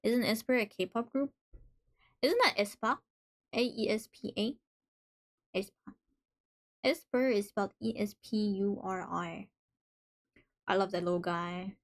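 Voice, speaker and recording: A woman's voice: mid-range voice, steady tone, a little slow, pauses often. A woman hosting a live stream in casual chat, reading out messages from viewers and reacting to them playfully. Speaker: livestream host.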